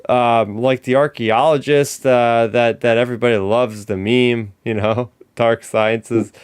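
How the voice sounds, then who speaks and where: Unhurried and smooth, a male podcast host with a medium pitch chats casually with a fan's enthusiasm, leaning on "like," other fillers, and frequent restarts. The sound is studio quality with no echo.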